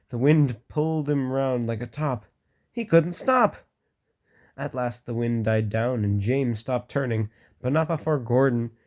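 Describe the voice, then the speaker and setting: A man reading a children's storybook aloud in a plain, unhurried way, with casual asides. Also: medium pitch, mellow. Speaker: reader.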